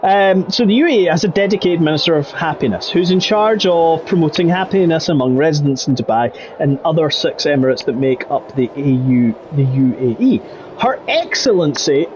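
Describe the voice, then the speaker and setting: A man giving jokey, excitable live commentary on an online racing league. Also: fairly high pitch, moderate pace, a little hiss or hum. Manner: jokey, excitable, laughs between calls. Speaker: race commentator.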